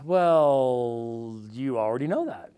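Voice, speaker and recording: Casting: American male theologian guest, wry, animated talker, mid pitch. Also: takes it slowly, clear, resonant tone. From United States. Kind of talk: conversational interview answer.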